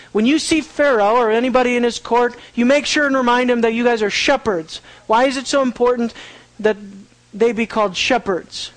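High-voiced man teaching a sermon. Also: no echo, rough recording. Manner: asks the listeners rhetorical questions. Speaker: Bible teacher. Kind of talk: sermon with scripture reading.

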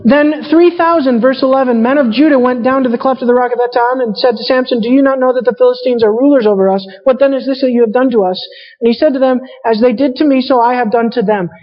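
A woman with a high voice talks fast as she preaches a sermon, reading scripture and retelling its characters in casual paraphrase. The recording sounds muffled, captured in a reverberant hall.

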